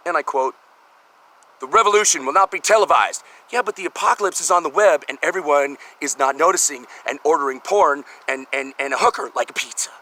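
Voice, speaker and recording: High, bright-voiced man ranting profanely. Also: low-quality recording. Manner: sarcastic. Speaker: vlogger. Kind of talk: comedic rant.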